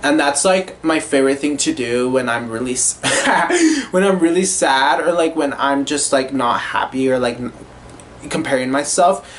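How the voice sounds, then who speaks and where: A man's voice: medium pitch, normal speed, a little hiss or hum. A young man hosting a casual, rambling, self-reflective monologue with frequent swearing. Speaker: podcast host.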